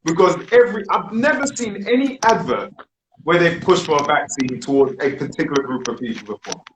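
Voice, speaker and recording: A man's voice: on the high side, expressive, fairly quick, fairly bright tone. A British man hosting a group discussion, speaking emphatically and asking rhetorical questions. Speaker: discussion host. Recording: roomy with faint noise.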